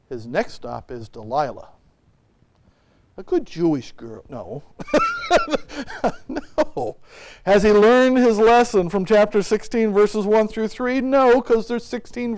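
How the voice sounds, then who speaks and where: A pastor preaching a sermon in church, retelling a story with lively acted-out quotes. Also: male voice, sits high, takes it slowly, long pauses. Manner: animated storytelling, acting out quotes.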